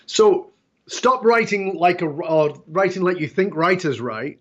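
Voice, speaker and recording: A man's voice: high voice, expressive, unhurried, fairly bright tone, muffled recording. A middle-aged man, a guest on an interview show, telling stories emphatically and acting out the dialogue of others. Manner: emphatic, storytelling, acts out quoted dialogue. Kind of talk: animated interview talk.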